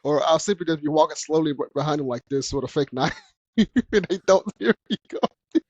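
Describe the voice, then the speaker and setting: A man's voice: fairly high pitch, brisk, darkish tone, no room sound. Laughing man hosting a podcast, dry sound. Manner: laughs often while telling stories. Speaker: podcast host. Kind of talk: casual podcast chat.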